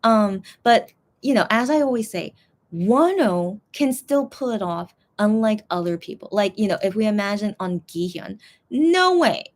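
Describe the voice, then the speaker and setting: A woman's voice: medium pitch, unhurried. A young woman in casual chat, rambling to her viewers with lots of fillers and restarts. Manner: chatty and animated, talking straight to viewers. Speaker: fan vlogger.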